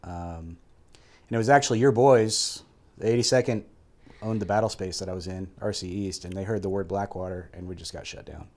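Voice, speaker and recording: A man guest telling a story in a casual, animated way, swearing freely and acting out quoted voices. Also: deep voice, fairly quick. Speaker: guest, military veteran.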